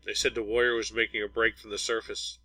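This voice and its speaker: A man's voice: lowish voice, little pitch movement, quick pace, sharp tone, dry recording, low-quality recording. A man voicing a grieving, blunt starship captain who gives firm, clipped orders.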